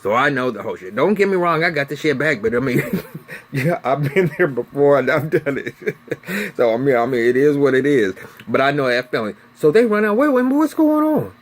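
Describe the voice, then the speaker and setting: A man's voice: medium pitch, fairly quick. A man recapping a TV drama episode in casual, profane talk, acting out characters' lines as he retells the scenes. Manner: animated, profane storytelling with voiced quotes. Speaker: TV recap reviewer.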